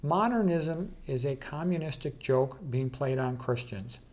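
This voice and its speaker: A man's voice: medium pitch, animated, measured pace, darkish tone. A man casually presenting an art slideshow, blunt and emphatic, with frequent "okay" and "you know".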